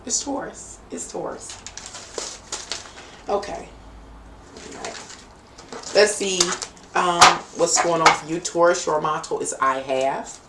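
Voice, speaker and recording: Slow and given to frequent pauses, this middle-aged tarot reader speaks in a lowish voice as she bawdily, playfully reads cards and jokes with her live-stream audience. The home mic sounds distant and roomy, with a faint background hum.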